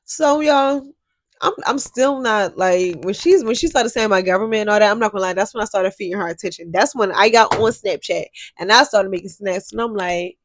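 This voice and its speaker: A young woman telling a story to her viewers in a casual vlog, animated and swearing freely. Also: medium pitch, fairly quick, no room sound. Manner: animated, profane, talks straight to viewers. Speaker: storyteller vlogger.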